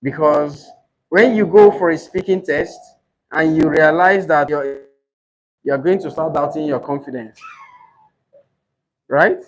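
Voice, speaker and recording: A man teaching an IELTS speaking class, animated and emphatic, often checking in with "right?". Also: a little high, unhurried, long pauses, poor audio. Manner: animated, rising to emphatic points, asks "right?". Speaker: IELTS tutor.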